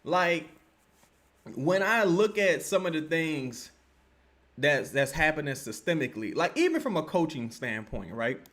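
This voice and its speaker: A young man rants through a basketball live stream, swearing freely and punching each point with "right?". His voice sits a little high. It jumps all over the place as he gets worked up. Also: a little slow. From Louisiana. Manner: animated, profane, repeats points with "right?". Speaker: sports commentary streamer.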